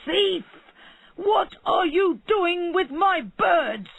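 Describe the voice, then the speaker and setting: A narrator doing an old, shouting bird seller. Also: medium pitch, animated, slow pace, slightly rough, no echo, full character voice. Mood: furious. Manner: shouting, then guilty. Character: old male bird seller, hot-tempered. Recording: narrow phone-like sound.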